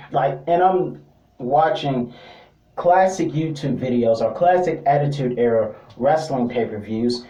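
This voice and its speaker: A man's voice: medium pitch, measured pace, warm tone, muffled recording. A man giving a casual wrestling review, rambling with joking asides. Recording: roomy sound, distant mic.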